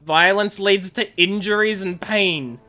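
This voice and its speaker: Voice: mid-range voice, a little slow, bright, forceful tone, a little hiss or hum. A game streamer chatting casually while playing, joking and laughing often. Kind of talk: casual gameplay chat.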